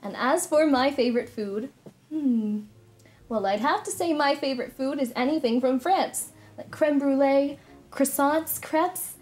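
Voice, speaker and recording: A woman's voice: sits high, unhurried, darkish tone. A young woman playing a kind storybook princess, telling a story and teaching children in a sweet, cheerful, teacherly way. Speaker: party character performer.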